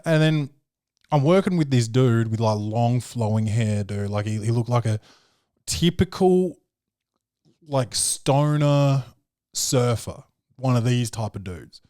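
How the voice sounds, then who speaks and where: An Australian man talks casually as a podcast host, rambling through a story with constant fillers and a lot of swearing. His voice sits at an ordinary middle pitch for a man. The recording is dry and close, with no room sound. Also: expressive, slow, mellow, no room sound.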